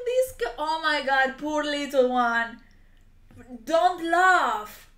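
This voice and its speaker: A woman with a very high voice comments casually as she reacts to a clip, gasping and exclaiming. She talks slowly and her voice swoops up and down. The room around her is echoey. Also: expressive, fairly bright tone. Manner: gasping, exclaiming, laughing along. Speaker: reaction video host.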